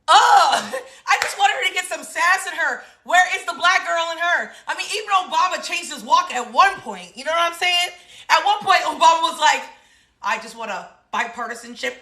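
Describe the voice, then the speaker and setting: A woman in her thirties hosting her own show, giving animated, sassy political commentary, exclaiming and laughing often. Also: very high voice, moderate pace. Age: 30s. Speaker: host.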